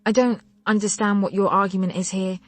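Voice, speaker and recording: Woman doing a short, offhand young guy on audiobook, dry close sound, lines kept flat. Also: mid-range voice, fairly quick, no room sound, close to an everyday voice. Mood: dismissive. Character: man, young adult boyfriend, curt and detached.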